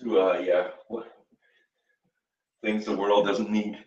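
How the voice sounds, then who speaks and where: Very deep-voiced man chatting while shaving. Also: takes it slowly, long pauses. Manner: relaxed, rambling, chuckles often, talks to viewers. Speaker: livestream host. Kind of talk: casual live chat while shaving. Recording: roomy dull lo-fi sound.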